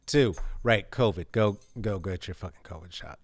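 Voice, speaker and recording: A man's voice: low-pitched, normal speed, no room sound, clean studio sound. A man hosting a podcast, signing off in a rambling, jokey way and swearing often. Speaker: podcast host. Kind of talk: comedic podcast sign-off.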